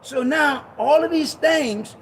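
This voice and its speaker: A man preaching an informal Bible teaching sermon, emphatic and slangy, repeating himself and breaking into shouted bursts. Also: extremely high pitch, slow pace, a little hiss or hum.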